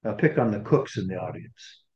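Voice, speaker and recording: Guy preaching, chatty, keeps restarting, mellow voice, roomy kinda dull recording. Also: lowish voice, expressive, moderate pace. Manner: conversational, repeats and restarts phrases. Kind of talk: sermon.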